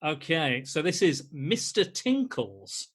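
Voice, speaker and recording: A man's voice: fairly high pitch, sing-song, slow, fairly bright tone, breathy edge. Rambling, chatty man hosting. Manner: chatty, rambling, frequent fillers and restarts. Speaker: podcast host. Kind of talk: casual chat.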